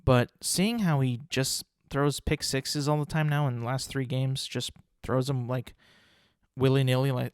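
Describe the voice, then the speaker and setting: A man's voice: medium pitch, dry recording, studio quality. Rambling opinionated male podcast host. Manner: rambling, opinionated, with frequent fillers and repeats. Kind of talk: casual sports chat.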